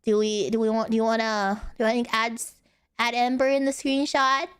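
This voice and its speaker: A woman's voice: a little high, flat delivery, normal speed, clean tone. A young woman streaming casually, rambling playfully and laughing often. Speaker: VTuber streamer. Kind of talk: casual live-stream chat.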